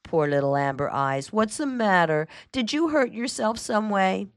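Woman reader as a worried young heroine, gentle and soothing, in a dry close sound. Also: medium pitch, lively intonation, unhurried, no room sound, voice pushed up. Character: young woman, anxious and tender.

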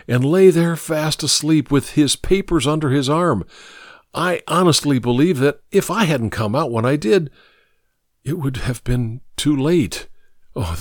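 A man voicing a kindly, burly doctor who speaks earnestly and gently. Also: on the high side, no room sound, clean studio sound, voice pushed up, heavily acted. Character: kindly burly doctor, grave and warm-hearted.

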